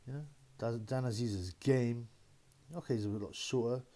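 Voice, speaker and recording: A man's voice: medium pitch, fairly even intonation, normal speed, warm tone. A man hosting a boxing channel, rambling casually and laughing as he talks. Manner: rambling, laughing, mocking impressions of critics. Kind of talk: casual solo commentary.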